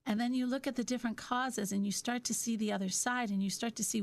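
A middle-aged woman hosting a reflective self-help talk, musing gently and slowing down on her key points. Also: on the high side, fairly even intonation. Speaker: podcast host.

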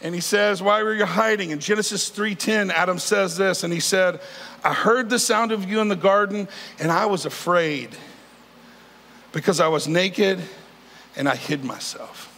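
Man, fifties, pastor preaching, chatty and joking, high gravelly voice, long hall echo. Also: normal speed, sharp tone. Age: 50s. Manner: conversational preaching with humor and crowd prompts. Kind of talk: sermon. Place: large church sanctuary.

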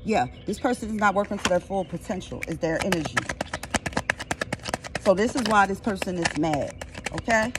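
A woman's voice: mid-range voice, background noise. A woman giving a casual tarot reading outdoors, blunt, profane and emphatic. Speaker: tarot reader.

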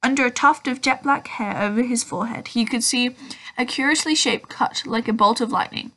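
A woman's voice: fairly high pitch, fairly quick, a bit bright. A woman reading a children's book aloud, often stumbling and correcting herself. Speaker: audiobook reader.

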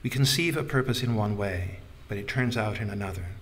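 A man reading a calm Canadian husband. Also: lowish voice, a little fast, a little hiss or hum.

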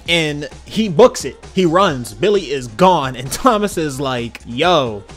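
A young man recaps a cartoon episode in relaxed, slangy commentary and laughs at the jokes along the way. His voice sits a bit high and swings widely. Soft music plays faintly in the background. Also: a little slow. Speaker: video commentator. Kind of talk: casual commentary.

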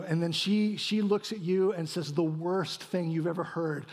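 A man's voice: sits high, fairly even intonation, moderate pace. A male pastor delivering a sermon, asking rhetorical questions and tagging points with "right?". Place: church sanctuary.

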